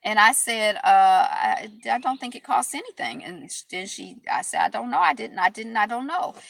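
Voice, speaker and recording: Bright, chatty woman live-streaming. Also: medium pitch, animated, normal speed, creaky, no room sound. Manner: chatty, rambling, upbeat affirmations. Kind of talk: casual live stream chat. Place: Detroit.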